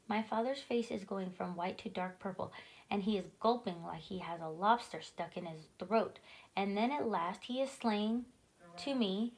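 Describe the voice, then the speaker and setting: A woman reading a children's book aloud with an expressive, animated delivery. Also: mid-range voice, normal speed, poor audio. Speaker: storyteller.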